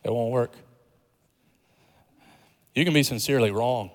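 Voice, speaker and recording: A man's voice: mid-range voice, measured pace. A man preaching a sermon in a conversational, humorous way, building to emphatic points. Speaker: pastor. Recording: long hall reverb.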